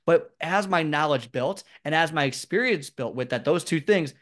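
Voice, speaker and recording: A man's voice: on the high side, animated, normal speed, a bit bright. A man, a fitness expert chatting as an interview guest, rambling and self-deprecating as he tells stories. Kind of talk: casual interview storytelling.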